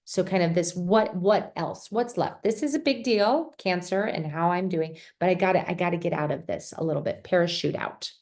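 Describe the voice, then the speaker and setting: A middle-aged woman giving a gentle, reflective explanatory talk, often restarting her phrases. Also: lowish voice, moderate pace, few pauses. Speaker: speaker on survivor mental health.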